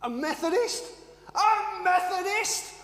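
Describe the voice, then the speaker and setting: A fiery, indignant preacher, as a man puts him on, shouting in a high, strained voice. The sound rings through a big echoey church hall with a long reverb. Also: animated, takes it slowly, full character voice.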